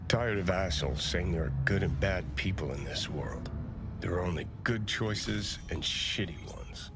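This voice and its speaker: An actor playing a cynical, foul-mouthed rebel who talks in a crude, sneering drawl, in game dialogue. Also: male voice, sits low, normal speed, very noisy, close to an everyday voice. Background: music.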